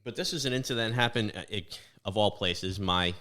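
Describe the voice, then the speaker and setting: A man from North Jersey co-hosting a podcast, chatting casually with jokey quick asides. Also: fairly low pitch, bright, forceful tone. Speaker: podcast co-host. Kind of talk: casual chat.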